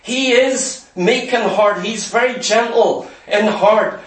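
A man preaching a sermon earnestly, sometimes dropping to a hushed, tender voice. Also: high-pitched, slow, echoey room, recorded from a distance, low-quality recording.

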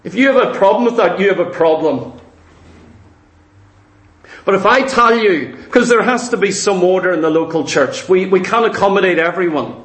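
A man's voice: sits high, brisk, few pauses, fairly bright tone, reverberant. A man preaching a sermon, speaking earnestly and with emphasis to his congregation.

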